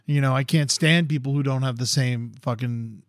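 A man's voice: medium pitch, fairly even intonation, moderate pace, dry recording, studio quality. A young man co-hosting a podcast, chatting casually and ranting bluntly with plenty of swearing. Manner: blunt, profane, heated rants. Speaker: podcast co-host. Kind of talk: casual chat.

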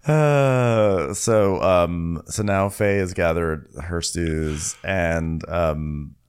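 A man's voice: low-pitched, drawn-out words, clear, resonant tone. A man co-hosting a comedic recap, rambling with hesitations and jokes. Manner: rambling, hesitant with fillers, animated. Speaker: podcast co-host.

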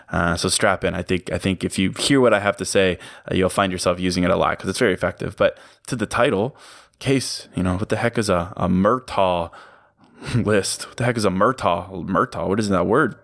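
A man's voice: deep voice, no room sound, studio quality. A young man hosting a solo motivational podcast in a casual, upbeat, chatty way. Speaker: podcast host.

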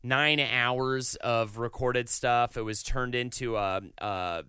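A man's voice: mid-range voice, steady tone, slow, bright, forceful tone, smooth, dry recording, studio quality. A man co-hosting a casual podcast chat, telling stories and reading facts aloud, swearing freely. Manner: profane, storytelling, reads facts aloud. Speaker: podcast co-host.

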